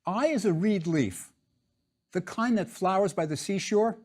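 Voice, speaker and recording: A man's voice: high-pitched, measured pace. A man teaching a drawing lesson, patient and step by step, repeating each instruction.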